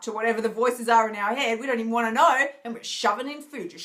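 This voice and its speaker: A woman's voice: fairly high pitch, brisk, a bit bright. A woman coach talking live to her viewers, earnest and encouraging, often asking "right?" and laughing lightly. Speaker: binge eating coach. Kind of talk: live video talk to viewers.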